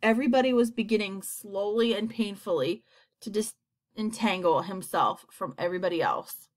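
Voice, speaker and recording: A woman reading a children's story aloud in an expressive, animated way. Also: medium pitch, normal speed. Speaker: audiobook reader. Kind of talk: storybook narration.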